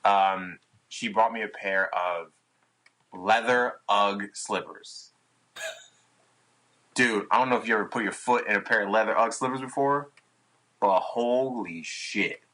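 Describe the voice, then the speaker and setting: A man's voice: on the low side, unhurried, bright, forceful tone, low-quality recording. A young man, a guest on a podcast, telling a tour story in casual, profane chat and acting out his own past lines. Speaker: podcast guest, touring musician.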